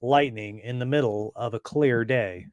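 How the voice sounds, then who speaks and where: Slow-talking man reading a comic aloud. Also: mid-range voice, darkish tone, dry recording, muffled recording. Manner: casual, with fillers and side comments. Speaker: comic book reader.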